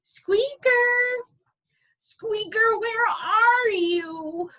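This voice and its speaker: A woman's voice: on the high side, measured pace. A woman voicing a young girl bear, earnest and wistful. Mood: calling.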